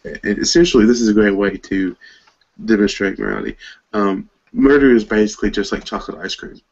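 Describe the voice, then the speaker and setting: A man's voice: lowish voice, brisk, lo-fi sound. Lecturing man arguing philosophy. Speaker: panel guest. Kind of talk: casual debate.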